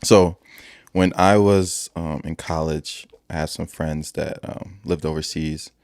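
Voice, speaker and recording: A man's voice: very deep voice, fairly even intonation, slow, a little mellow, dry recording, studio quality. A man co-hosting a podcast, telling a rambling story in casual chat with frequent restarts and self-corrections. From Wisconsin. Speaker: podcast co-host.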